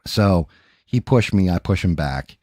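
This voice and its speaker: Livestream host, male, very low voice, dry close sound, profane animated storyteller with sound effects. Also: a little slow, no echo. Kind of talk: casual storytelling chat.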